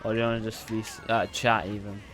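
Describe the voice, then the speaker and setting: A fast-talking man with a fairly low, level voice streams a racing game, rambling casually to his audience and interrupting himself. Soft music plays behind him, and he breaks into loud, repeated "no, no" mid-game.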